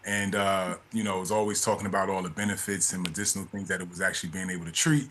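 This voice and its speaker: A former basketball player in his forties, appearing as a studio guest, tells an anecdotal personal story, relaxed and laughing at his own tale. His voice sits low and he talks fast, with slight background noise.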